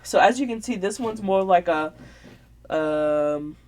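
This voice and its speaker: A woman's voice: on the low side, lively intonation, slow, darkish tone. A woman hosting her podcast in casual show-and-tell chat, gushing and sentimental, with lots of filler words. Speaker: podcast host.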